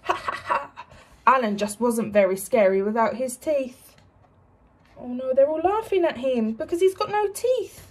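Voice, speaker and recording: Woman teacher, story reading for kids, husky voice, fairly high. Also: normal speed. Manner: warm, expressive, asks the children questions. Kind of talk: reading a picture book to young children.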